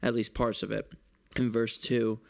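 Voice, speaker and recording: A man's voice: medium pitch, little pitch movement, unhurried, gravelly. A man co-hosting a casual album review chat, upbeat and enthusiastic, explaining things plainly. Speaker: podcast co-host.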